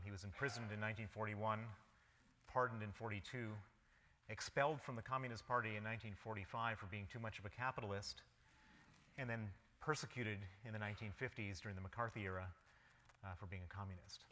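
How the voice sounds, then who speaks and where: A man's voice: on the low side, bright, forceful tone, slight background noise. American man lecturing in a reverberant hall. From United States. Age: 50s. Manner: wry storytelling with frequent ums. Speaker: guest lecturer. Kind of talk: public lecture.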